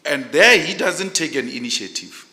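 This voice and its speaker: A man questioning as a commissioner, forceful and insistent, with a loud way of speaking. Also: a little high, animated, normal speed. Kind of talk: pointed questioning at a hearing. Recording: long reverb in a large hall.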